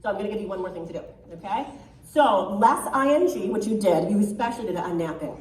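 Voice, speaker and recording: Talking fast with lively intonation, this choir clinician has a medium-pitched, darkish speaking voice, though she's a soprano. She's chatty and encouraging as she critiques the rehearsal, frequently asking "right?", recorded from a distance in an echoey hall.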